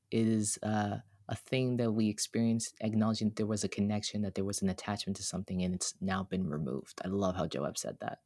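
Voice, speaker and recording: Podcast co-host, man, low register, earnest and heartfelt, casual delivery. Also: darkish tone. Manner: earnest and heartfelt, speaks in bursts with restarts. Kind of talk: casual reflective podcast talk.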